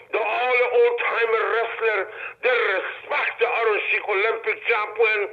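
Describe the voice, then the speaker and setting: Older man over a dull phone. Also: sits high. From Iran. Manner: broken English, effusive, repeats blessings. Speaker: phone-in guest, retired wrestler. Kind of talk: phone interview. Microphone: telephone.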